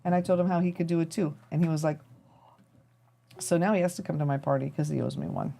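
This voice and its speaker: A woman's voice: sits low, steady tone, quick pace, creaky, dark tone. A woman hosting a live stream, chatting casually and rambling to her viewers as she thinks aloud while tinkering. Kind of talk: casual chat to a live audience.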